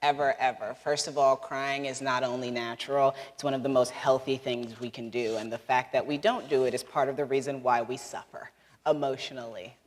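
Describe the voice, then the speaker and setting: A woman author answering audience questions at a live talk, earnest and quick to laugh, in a large hall. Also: rumbling low, steady tone. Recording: long hall reverb.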